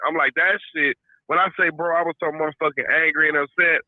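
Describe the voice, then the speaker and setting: A man's voice: high-pitched, brisk, no echo. Irate man ranting over a tinny phone. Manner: heated, venting rant with swearing and repeated "you know what I'm saying". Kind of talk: casual chat. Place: parked car.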